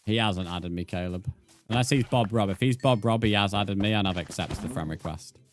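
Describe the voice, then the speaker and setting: A young man with a British accent chats easily through a live game stream, his voice sitting fairly low. He answers viewers one by one in a casual, matter-of-fact way. Soft game music plays faintly behind him. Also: a little fast. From Britain. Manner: relaxed, reads chat aloud and answers viewers, says "mate". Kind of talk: casual live-stream chat while gaming.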